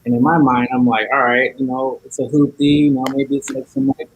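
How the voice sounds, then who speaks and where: Husky animated man telling a story. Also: medium pitch, brisk, poor audio. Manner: animated storyteller acting out dialogue, heavy cursing. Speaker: podcast guest. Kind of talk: casual chat.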